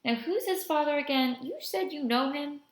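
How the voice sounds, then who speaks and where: A woman's voice: sits high, animated, moderate pace, pitched above the performer's own voice. A woman reading the part of a motherly woman who fusses over a child and scolds her teasing father, recorded in a roomy space. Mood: indignant. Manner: fussing, indignant, then tender. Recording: roomy echo.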